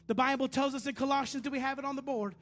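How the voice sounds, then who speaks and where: A man preaching a sermon as pastor, repeating phrases and swinging between loud bursts and low murmurs. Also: steady tone, very fast, faint music behind.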